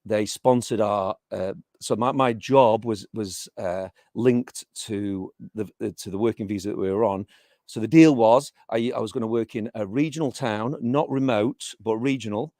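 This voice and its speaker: A man's voice: lowish voice, normal speed, darkish tone, no echo, studio quality. A middle-aged man from England, chatting in an interview with frequent restarts and fillers. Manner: hesitant, many restarts and fillers. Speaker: interviewee, teacher. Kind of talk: casual interview chat.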